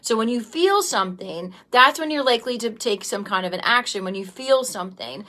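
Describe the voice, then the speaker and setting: Woman in her thirties, livestream host, tearful, rambling with fillers, fairly high voice. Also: expressive, brisk, bright, forceful tone. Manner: rambling, heartfelt, many "um" and "like" fillers; greets live viewers by name. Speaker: livestream host and business coach. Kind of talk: casual livestream talk.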